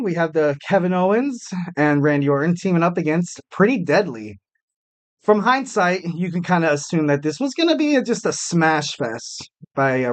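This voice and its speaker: Chatty man hosting a wrestling podcast. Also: high voice. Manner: chatty, many fillers and restarts, jokey self-mockery. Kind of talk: casual podcast commentary.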